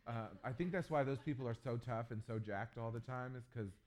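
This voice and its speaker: Male pastor, mid-pitched, animated joking sermon delivery with loud bursts. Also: a little fast. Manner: animated storytelling with jokes and sudden loud bursts.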